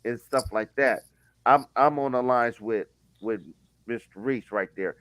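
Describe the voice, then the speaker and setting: A man's voice: mid-range voice, unhurried, a bit bright, no echo. A man in a casual chat, talking in slang and laughing often as he makes his point.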